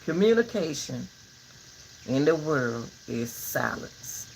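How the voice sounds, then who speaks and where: An older woman talking casually to her viewers in a vlog, giving folksy, preachy advice in an animated way. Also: sits low, slow, vocal fry, slight background noise, rough recording. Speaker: vlogger.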